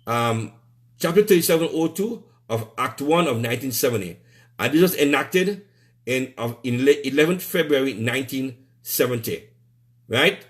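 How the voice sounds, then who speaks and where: Speaking at a normal pace with an animated, medium-pitched voice, a man from Trinidad and Tobago delivers a heated live-stream rant in his Trinidadian accent. It's repetitive and full of cursing and stumbling restarts.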